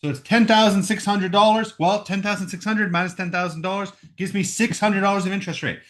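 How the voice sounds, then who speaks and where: A man's voice: high voice, fairly even intonation, brisk, a bit bright. A man teaching a recorded math lesson at home into a computer microphone. He works through the calculations aloud and keeps checking in with "right?".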